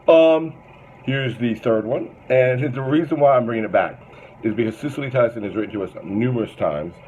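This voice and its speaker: A man hosting a comedy show, delivering a crude, blustering monologue in a mock-bigoted persona. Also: mid-range voice. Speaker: host. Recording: tinny phone-like lo-fi sound with faint noise.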